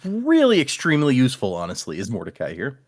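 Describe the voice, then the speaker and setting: Lively man recapping a book. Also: mid-range voice, fast. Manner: recaps the plot, acting out quotes. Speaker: podcast host. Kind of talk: casual book-club chat.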